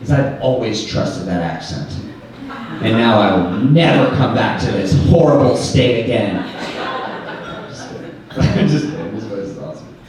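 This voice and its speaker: A stand-up comedian works the crowd on a small comedy club stage, brash and self-mocking, swearing freely. His mid-range voice is animated, with a measured pace and long pauses. The recording is echoey, picked up from a distance in the club, with audience noise and laughter behind him.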